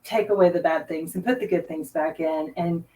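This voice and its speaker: Woman, lowish voice, a bit off-mic, earnest and reflective, casual podcast chat. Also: normal speed, dark tone, recorded from a distance, rough recording. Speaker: hairdresser and podcast co-host. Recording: slightly off-mic.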